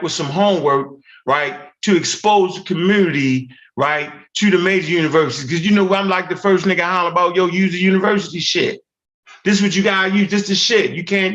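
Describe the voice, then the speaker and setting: A man with a Baltimore accent hosting an online talk show, animated and profane, talking in bursts with tag questions. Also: high-pitched, fairly quick, hardly any pauses, lo-fi sound. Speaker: podcast host. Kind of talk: casual heated chat.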